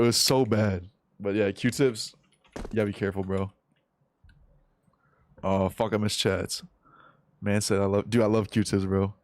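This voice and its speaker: A young man, a streamer and competitive gamer, chats casually on a live game stream in a fairly low, slightly mellow voice with no echo. He tells a rambling story packed with slang and swearing.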